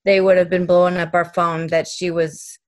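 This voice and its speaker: A woman's voice: fairly low pitch, level tone, moderate pace. A young woman, a parent, telling detailed stories in an earnest way during an interview. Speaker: parent of an autistic child. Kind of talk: interview conversation.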